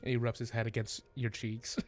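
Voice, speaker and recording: A man's voice: mid-range voice, completely flat delivery, brisk, faint music behind. A man narrating a tabletop game as game master, rambling and laughing often.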